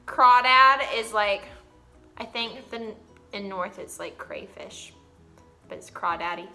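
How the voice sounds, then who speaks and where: A woman's voice: mid-range voice, slow, bright, forceful tone, faint music behind. A young woman, chatting casually and giggling as she acts out little quotes. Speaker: vlog co-host. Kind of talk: casual chat.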